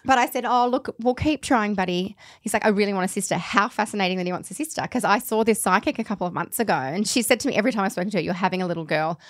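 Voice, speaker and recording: A woman's voice: mid-range voice, fast, few pauses, no echo, clean studio sound. A woman, telling a family story in casual podcast chat. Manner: chatty storyteller. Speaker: podcast co-host.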